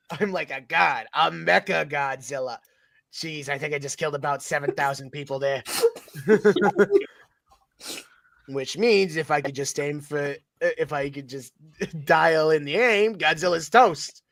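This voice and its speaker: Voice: medium pitch, measured pace, vocal fry, fairly bright tone, no room sound, pitched below the performer's own voice. A comics podcast co-host doing a comic reading of a boastful male fan-powered villain in a put-on Chicago accent. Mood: cocky.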